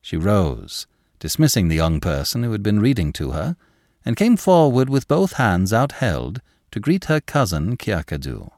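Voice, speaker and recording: A man narrating a classic novel in a measured, expressive storytelling manner. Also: lowish voice, no room sound, clean studio sound. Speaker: audiobook narrator.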